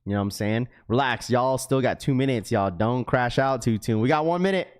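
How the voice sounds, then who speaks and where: A young man livestreaming to his chat in a casual, slangy way, getting excited and repeating himself. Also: medium pitch, brisk, clean tone. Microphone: webcam setup.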